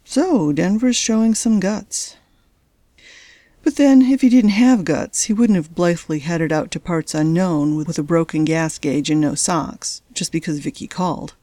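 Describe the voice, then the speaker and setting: A woman narrates a serialized story and chats wryly as host between chapters. Her voice sits on the low side, recorded dry and close with no room sound. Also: a little slow, warm tone, no echo. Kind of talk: storytelling narration with casual commentary.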